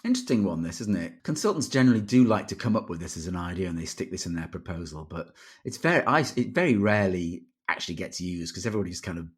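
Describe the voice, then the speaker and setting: A middle-aged man co-hosts a podcast in a casual, chatty way. His voice sits very low with a husky edge, and he talks quickly, trailing off into filler sounds. He sounds brisk and easygoing. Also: animated. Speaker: podcast co-host. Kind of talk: casual chat.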